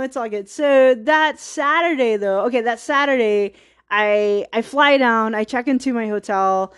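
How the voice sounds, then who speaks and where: A woman hosting a podcast, telling a personal story in a rambling, casual way, full of "like," with wistful, self-deprecating laughs. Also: on the high side. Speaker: podcast host.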